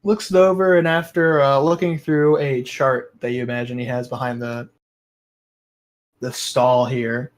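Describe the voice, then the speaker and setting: A man's voice: medium pitch, fairly even intonation, unhurried, rough recording. A man narrating as game master of a tabletop game, describing scenes in a loose, rambling way and laughing often.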